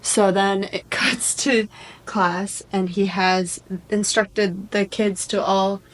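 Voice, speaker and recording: Casual woman vlogger, mid pitch, chatty, loose rambling delivery. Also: slow pace, low-quality recording. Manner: rambling, lots of "like", animated. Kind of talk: casual plot retelling.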